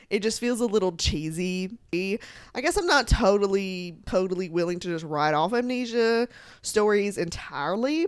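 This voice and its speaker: A young woman chatting casually about books to her followers, animated and full of filler words and laughter. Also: medium pitch, no echo, studio quality. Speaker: book content creator. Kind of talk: casual chat to camera.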